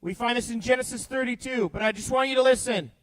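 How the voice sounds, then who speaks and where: A young man leading a youth group Bible talk, playful and animated, swinging between loud bursts and hushed storytelling. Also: very high voice, quick pace, no room sound, rough recording. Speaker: youth pastor.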